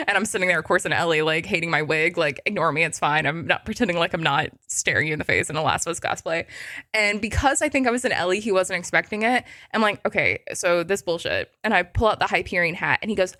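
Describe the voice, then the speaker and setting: A woman's voice: fairly low pitch, fast, bright, forceful tone, no room sound, clean studio sound. A woman guest on a podcast, telling stories in casual chat with lots of filler words and frequent laughter.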